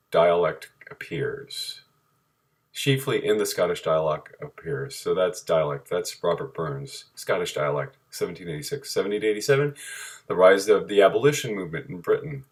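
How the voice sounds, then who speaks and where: A man reading a timeline of dates from his notes, halting and correcting himself as he goes. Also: deep voice. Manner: halting, self-correcting, reads dates aloud.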